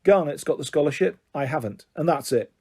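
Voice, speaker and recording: A man's voice: fairly high pitch, lively intonation, fairly quick, dark tone, slightly rough, no room sound, clean studio sound. A man voicing an upset, insistent young girl who has just lost out to her twin sister. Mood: bitter. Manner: insistent, demanding.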